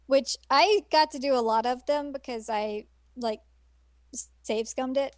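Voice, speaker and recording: A woman's voice: high-pitched, a little slow, no echo. A woman co-hosting a podcast, chatting eagerly and rambling with fillers. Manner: enthusiastic, rambling, laughs often. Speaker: podcast co-host. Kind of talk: casual chat.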